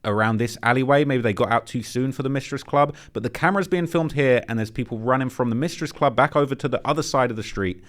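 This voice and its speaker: A man hosting a commentary channel, reacting to footage in an animated, speculative, blunt and slangy way. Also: medium pitch, fast, hardly any pauses.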